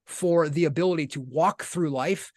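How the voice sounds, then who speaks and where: A man's voice: on the high side, moderate pace, darkish tone, dry recording. Earnest man explaining, dry close sound. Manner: earnest, explanatory, uses many rhetorical "right?" checks. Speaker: podcast guest, business leader. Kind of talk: casual conversational interview.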